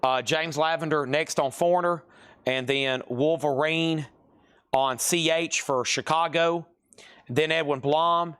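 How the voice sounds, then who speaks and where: A man hosting a live record sale, briskly calling out records, prices and bids. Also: a little high, fairly even intonation, fairly bright tone, smooth. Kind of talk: live auction selling.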